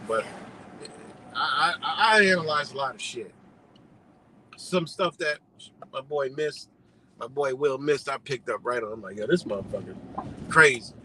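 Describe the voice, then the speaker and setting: A man hosting a live stream, telling a story in a loose, profane, animated way and laughing often. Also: medium pitch, measured pace, long pauses, slight background noise, low-quality recording. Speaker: livestream host.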